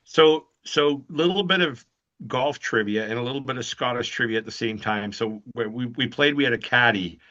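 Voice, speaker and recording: Brief: man co-host, rambling storyteller, bright, tense tone, slightly muffled lo-fi sound. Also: mid-range voice, normal speed, no room sound. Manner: rambling storyteller with many restarts. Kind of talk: casual interview chat. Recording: dull lo-fi recording.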